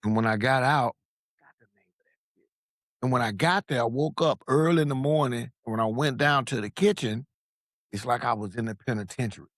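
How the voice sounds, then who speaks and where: A man from Long Beach, California, a podcast guest telling his story in a casual, animated way, acting out the voices of people he quotes and swearing freely. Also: medium pitch, moderate pace, long pauses, no echo, clean studio sound.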